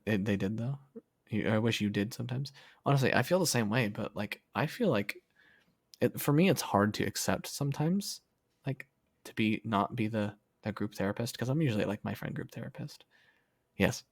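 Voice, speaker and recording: A young man chatting casually on a livestream, reading comments in a soft, affectionate way and laughing often. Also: lowish voice, no room sound, studio quality. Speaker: streamer.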